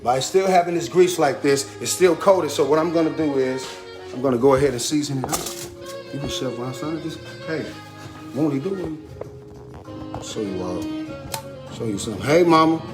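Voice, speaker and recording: Lively male cooking host in a home kitchen, talking loosely over clear background music. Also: medium pitch, a little fast. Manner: lively, chatty, repeats a catchphrase and laughs often. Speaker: home cook and video host. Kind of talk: casual cooking demonstration. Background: music playing under the voice.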